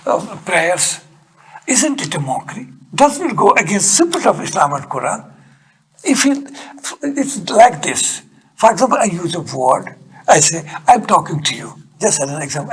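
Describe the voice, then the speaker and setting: An older man with a Kashmiri accent lectures on scripture in an earnest, teacherly way. His voice is gravelly and very husky. His pitch moves in wide, lively swings as he stresses points and softens for prayers. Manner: earnest, rises sharply on emphasis, drops low for prayers. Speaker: Quran teacher. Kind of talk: religious lecture.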